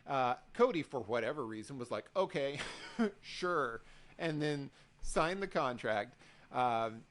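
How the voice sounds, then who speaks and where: A man's voice: medium pitch, takes it slowly. A man co-hosting a podcast, talking through the week's wrestling shows in a casual, exasperated way and acting out what people said. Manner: animated, exasperated, acts out quotes. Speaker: podcast co-host. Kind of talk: casual wrestling recap chat.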